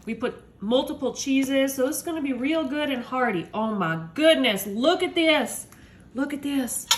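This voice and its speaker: A woman's voice: high-pitched, slight background noise. A mother and home cook chatting casually to viewers while she makes a dinner, upbeat and talkative, calling them y'all. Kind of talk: casual cooking video chat.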